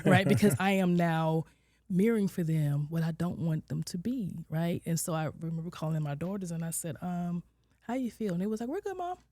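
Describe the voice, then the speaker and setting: Candid woman, low mellow voice. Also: no echo, clean studio sound. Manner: candid, quotes herself and her kids with lively shifts, drops to soft near-whispers. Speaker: guest, licensed clinical social worker. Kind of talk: emotional personal storytelling. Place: podcast studio.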